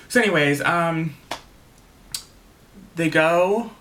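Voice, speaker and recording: A man's voice: on the high side, drawn-out words, a bit bright, slight background noise. A man casually recapping a reality TV episode, chatty and gossipy, swearing freely and saying "like" a lot. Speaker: TV episode reviewer.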